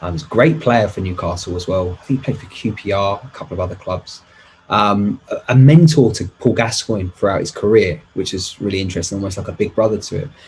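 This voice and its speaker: A man's voice: fairly low pitch, fast, a little hiss or hum, poor audio. A man in his thirties co-hosting a casual podcast, jokey and rambling. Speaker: podcast co-host.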